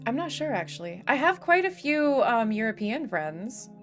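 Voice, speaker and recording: A woman's voice: fairly high pitch, big pitch swings, moderate pace. A young woman streaming a game, chatting casually with viewers; talkative, swearing freely, full of fillers and laughter. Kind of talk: casual live-stream chat. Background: faint game music.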